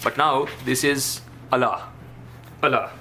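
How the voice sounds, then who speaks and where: A male language teacher who talks slowly and deliberately at a middle pitch. He says each syllable more than once and fills the gaps with soft "uh" pauses as he explains. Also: a little hiss or hum. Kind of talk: explaining a writing lesson.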